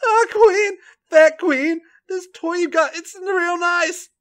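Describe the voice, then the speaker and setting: A man voicing an eager Irish woman wrestler in a put-on Irish accent, with slow, drawn-out falsetto cries and grunts. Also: a bit bright, exaggerated voice. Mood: breathless, eager.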